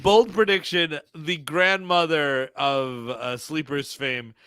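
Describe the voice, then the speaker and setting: A man co-hosting a comedy podcast, riffing with quick jokes in casual banter. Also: on the high side, fairly even intonation, a bit bright, clear, resonant tone, no room sound, studio quality. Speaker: podcast co-host.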